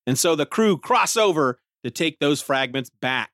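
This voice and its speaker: A man's voice: on the high side, animated, moderate pace, sharp tone, no room sound, clean studio sound. Man casually recapping a comic. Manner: rambling, with restarts and short laughs. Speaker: podcast host reviewing a comic.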